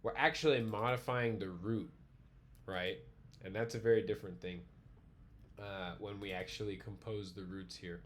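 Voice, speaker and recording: A man's voice: lowish voice, fairly even intonation, normal speed. A man leading an online language class, thinking aloud and checking in with his students. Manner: thinking aloud, frequent "right?" checks and soft laughs. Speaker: language teacher.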